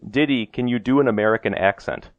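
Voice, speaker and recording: A man's voice: mid-range voice, fast talker, narrow, tinny audio. Easygoing Chicago man hosting. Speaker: host. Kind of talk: casual interview on a live stream.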